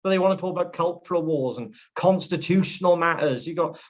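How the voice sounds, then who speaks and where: A man's voice: on the high side, fairly quick. Outspoken young man on a muffled line. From Wales. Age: young adult. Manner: outspoken, ranting, blunt. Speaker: politician interviewed as guest. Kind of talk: casual political interview.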